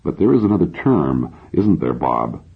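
A man's voice: rumbling low, big pitch swings, moderate pace, gravelly, breathy edge, heavily acted. A man voicing a patient, probing computer therapist. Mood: insistent. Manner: patient, insistent questioning. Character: calm male computer psychotherapist, persistent, probing. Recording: dull lo-fi recording.

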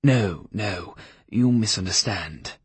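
A man's voice: fairly low pitch, takes it slowly, breathy edge, dry recording, heavily acted. A man voicing a genial, avuncular priest who speaks in a soothing, fatherly way. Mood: placating.

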